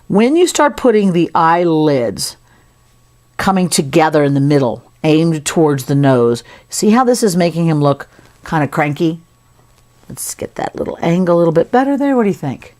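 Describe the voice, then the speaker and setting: A woman's voice: sits low, sing-song, normal speed, a little mellow. A woman giving a casual, playful sculpting tutorial, chatting as she works. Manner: chatty, playful, talks while working. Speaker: sculpting instructor.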